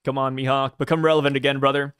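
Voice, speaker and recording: A man's voice: medium pitch, flat delivery, racing, fairly bright tone, clear, resonant tone, no room sound, studio quality. A man hosting a casual podcast discussion, laid-back and jokey, poking fun at himself. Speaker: anime podcast host. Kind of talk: casual chat.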